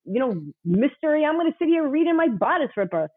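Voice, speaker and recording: A woman's voice: high voice, fast, dry recording, narrow, tinny audio. A woman in her forties, a romance novelist, telling stories in casual chat with lots of laughter and acted-out quotes. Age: 40s. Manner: animated storyteller, laughs often, acts out quotes.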